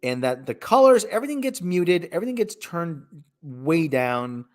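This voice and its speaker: A man hosts his own show in a casual movie review, with a high voice. His pitch rises and falls with lively swings as he rambles. He is sarcastic and full of wisecracks. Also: moderate pace. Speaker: host.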